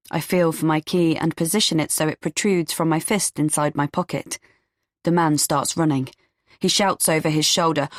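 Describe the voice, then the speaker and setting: A woman reading a first-person audiobook in a tense, measured storytelling manner. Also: low voice, dry recording, studio quality. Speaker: audiobook narrator.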